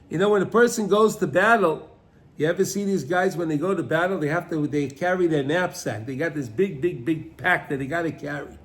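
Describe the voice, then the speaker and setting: A high-voiced man gives a brisk, conversational Torah class on the weekly portion, constantly checking in with "right?" and repeating himself. Hebrew and Yiddish terms come up often.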